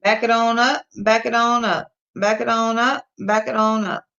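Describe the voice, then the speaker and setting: A woman chats her way through a livestream in a bright, forceful voice, answering the chat and scolding her dog between loud laughs. The sound is dull and lo-fi, like a built-in mic. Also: a little high, flat delivery, normal speed. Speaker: livestream host reading chat.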